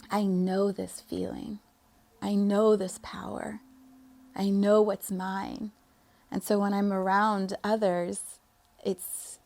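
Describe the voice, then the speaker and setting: A young woman, a spiritual coach, giving an earnest motivational monologue, laughing often and sometimes dropping to a soft whisper. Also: medium pitch.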